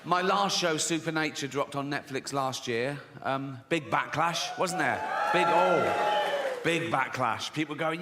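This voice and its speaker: A man's voice: fairly high pitch, lively intonation, normal speed. A middle-aged English man doing stand-up, sardonic and mock-innocent, slipping into voices for quoted lines. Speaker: stand-up comedian. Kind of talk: stand-up comedy set. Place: large theatre stage with audience. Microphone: stage microphone. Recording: long hall reverb, audience noise.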